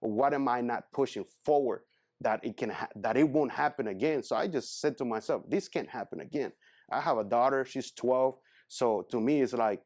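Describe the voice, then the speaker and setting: A man's voice: mid-range voice, normal speed, darkish tone. Earnest rambling man in his thirties. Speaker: guest speaker. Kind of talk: casual motivational talk.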